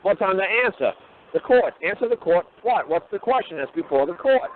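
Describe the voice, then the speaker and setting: A man's voice: high voice, animated, slight background noise. Blunt profane man on a phone line. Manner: blunt, profane, rapid rhetorical questions. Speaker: talk show guest lecturer. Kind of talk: profane call-in talk.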